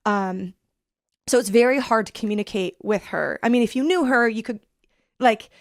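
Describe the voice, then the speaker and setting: A woman's voice: fairly high pitch, no echo. Earnest woman in her thirties, dry sound. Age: 30s. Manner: earnest, reflective, halting. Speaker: podcast guest. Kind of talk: personal storytelling in a podcast interview.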